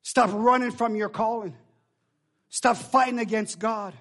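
High-voiced preacher swinging from shouts to hushes. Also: male voice, steady tone, measured pace. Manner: shifts between shouting and hushed near-whispers; preacher's call-and-response cadence. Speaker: pastor. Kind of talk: sermon.

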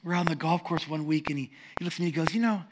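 A middle-aged male pastor telling stories in a sermon, animated and humorous. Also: on the high side, very fast. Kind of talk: sermon storytelling. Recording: noisy recording with clicks.

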